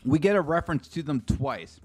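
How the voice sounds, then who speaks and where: A man's voice: a little high, expressive, brisk, darkish tone, slightly rough, faint music behind. A man streaming a casual live reaction, rambling and chatty, swearing freely and talking straight to his chat.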